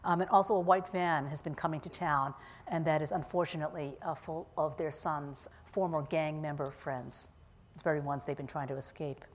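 A woman author reading from her novel to an audience at a university in a calm, deliberate way. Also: deep voice, long reverb tail, a little hiss or hum. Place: university auditorium.

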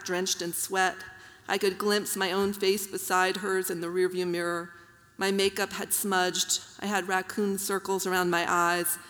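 A woman author reading her own prose aloud at a literary reading, measured and even, with soft fillers between passages. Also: medium pitch. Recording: long hall reverb.

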